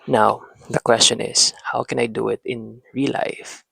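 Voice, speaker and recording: A man hosting a parenting talk, speaking in a slow, reflective monologue with frequent pauses and restarts, as if reasoning with himself. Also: on the low side, flat delivery, gravelly, fairly bright tone, slightly rough, dry recording, poor audio. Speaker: parenting channel host.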